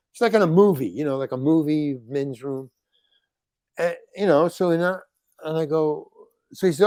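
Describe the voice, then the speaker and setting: An older man spinning a loose, rambling story as an interview guest, jumping into the voices of the people in it. His voice sits a little high for a man, and the sound is close and dry with no room around it. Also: no echo. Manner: animated, rambling, acts out quoted lines. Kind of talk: storytelling anecdote.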